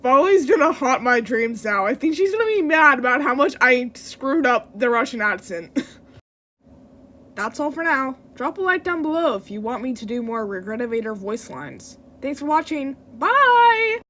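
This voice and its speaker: A woman's voice: high-pitched, expressive, moderate pace, a bit bright. A woman vlogger chatting casually in a giggly, self-deprecating way. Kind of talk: casual chat.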